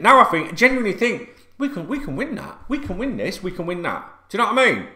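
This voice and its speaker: A man vlogging as a football fan, rambling and swearing a lot, repeating himself and bursting into shouts, sitting at home. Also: sits high, big pitch swings, fast. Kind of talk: excited unscripted video rant. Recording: echoey room.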